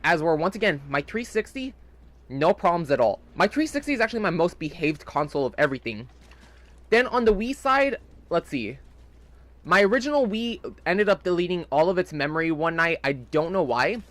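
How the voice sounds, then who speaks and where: A man's voice: a little high, sing-song, fairly quick, a bit bright. A young man rambling casually in gameplay commentary, chatty and full of fillers. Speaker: gaming channel host.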